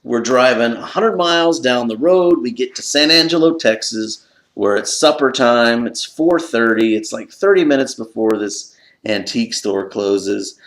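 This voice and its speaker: A pipe collector vlogs to camera about a lucky find, telling the story with lots of excitement at a measured pace. His pitch leaps up high whenever he relives his own panic, and the room sounds echoey.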